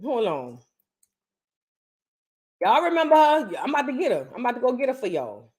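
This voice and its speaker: A woman's voice: fairly high pitch, sing-song, normal speed, a little mellow. A woman with a Southern US accent, hosting a casual reaction show and chatting straight to her viewers. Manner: chatty, addresses viewers as y'all. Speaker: host.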